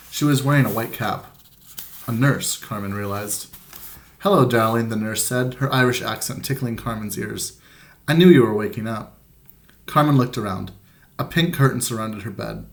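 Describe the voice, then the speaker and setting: A man with a voice of ordinary, middle pitch reads a children's novel aloud to his students. He keeps it plain and unhurried, only lightly voicing the characters, like a teacher reading to the class from home. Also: gravelly. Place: room at home with a printer nearby.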